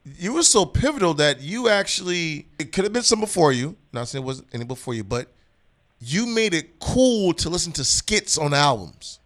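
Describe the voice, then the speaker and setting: Man hosting, lively higher voice. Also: moderate pace. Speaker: interview host. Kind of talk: casual interview.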